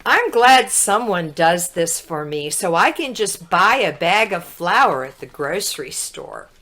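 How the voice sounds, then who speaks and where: A woman teacher reading a picture book aloud to children, gently asking her young listeners questions. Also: on the low side, sing-song, unhurried. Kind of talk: children's read-aloud storytelling.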